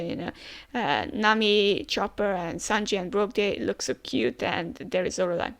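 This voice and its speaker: A woman's voice: on the low side, moderate pace, gravelly. A woman reading a comic aloud and reacting in a chatty, emotional way. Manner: chatty, emotional, laughs often. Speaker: manga reader reacting.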